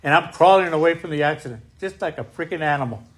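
A man with a slightly higher voice shares his own recovery testimony. He talks emphatically, often tags his sentences with "right?", and slows down and climbs in pitch when anger comes up. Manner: emphatic, rising and slowing when angry, tag questions "right?". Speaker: speaker sharing at a recovery meeting.

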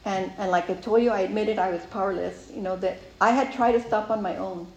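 A woman giving a personal recovery testimony, telling her story in a lively way and acting out her past thoughts. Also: mid-range voice, fairly quick, a little hiss or hum. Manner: animated storyteller who acts out her own past thoughts. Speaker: speaker sharing a recovery story. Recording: roomy sound with faint ambience.

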